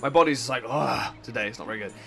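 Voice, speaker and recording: A young man giving casual, swearing, laughing commentary on a game he plays, and he keeps clearing his throat. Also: medium pitch, racing, bright, forceful tone, soft background music. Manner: chatty, swearing, laughs a lot, self-interrupting. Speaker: let's play host.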